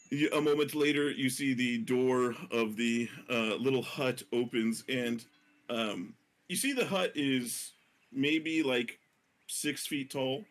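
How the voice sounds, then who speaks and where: Man game master, hesitant, lots of ums, middle pitch. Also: takes it slowly. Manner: hesitant, full of fillers and self-corrections. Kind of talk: narrating a tabletop game.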